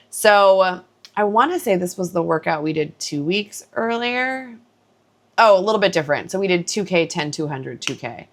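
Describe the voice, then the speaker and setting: Candid chatty woman running vlogger. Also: sits low. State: worn out after a hard run. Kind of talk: casual vlog chat. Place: outdoors, filming while running.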